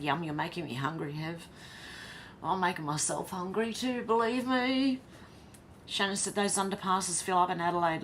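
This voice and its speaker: Casual Australian woman, lowish voice, reads chat comments and reacts, light background hiss. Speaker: livestream host reading chat.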